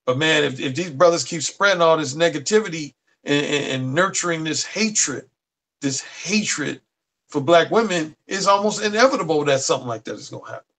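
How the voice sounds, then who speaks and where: A man speaking as a guest dating coach in casual conversation, earnest and emphatic, slowing down to stress his words. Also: a little high, expressive, a bit bright. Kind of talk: casual chat.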